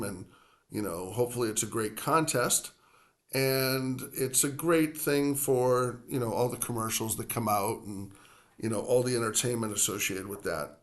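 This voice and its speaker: A man from the United States gives a casual Spanish lesson at a middle pitch. He talks in a loose, chatty way with asides, and drops to a slow, careful pace whenever he models a word. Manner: chatty and digressive, slows to spell out words. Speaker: Spanish teacher.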